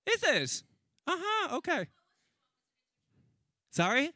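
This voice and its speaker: Male stand-up, young, self-mocking crowd work, bright voice, dry close sound. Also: very high-pitched, wildly swooping pitch, dry recording. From Ireland. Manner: chatty, self-mocking, quick asides to the crowd. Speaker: stand-up comedian. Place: comedy stage before a live audience.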